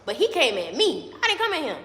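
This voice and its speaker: A young woman telling a childhood story in casual, emotional chat, animated and acting out the voices of others. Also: high voice, quick pace. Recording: echoey roomy hall with faint noise.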